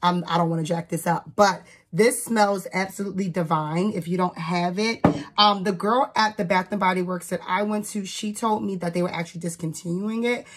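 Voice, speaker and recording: A woman's voice: on the low side, steady tone, brisk. A young woman from New Jersey, a teacher, chatting casually to camera about the gifts she bought, with lots of "like" and "um" fillers. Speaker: vlogger.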